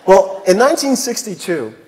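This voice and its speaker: A man's voice: high voice, very animated, normal speed, dark tone. A man in his fifties, a commanding general, giving a keynote speech on a theatre stage and telling self-deprecating personal stories with frequent chuckles. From El Paso, Texas. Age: 50s. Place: theatre stage before an audience. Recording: long theatre reverb.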